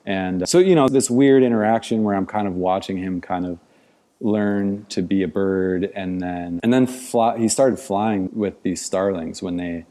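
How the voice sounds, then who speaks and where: Man, podcast guest, very low voice, mellow tone, casual rambling story. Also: measured pace. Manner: rambling, many "like" fillers. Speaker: podcast guest, outdoor educator.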